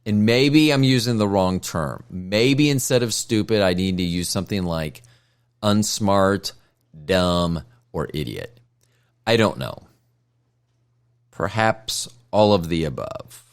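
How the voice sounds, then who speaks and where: A man's voice: deep voice, takes it slowly, clear, resonant tone. A man hosting a casual solo podcast, talking in a blunt, sardonic way as he tells stories about his life. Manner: blunt, sardonic, lively storytelling. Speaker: podcast host.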